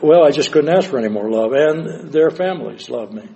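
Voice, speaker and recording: An older man preaching a sermon, moving between hushed, slow passages and loud, dramatic cries. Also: fairly high pitch, lively intonation, vocal fry, dull audio, slight background noise.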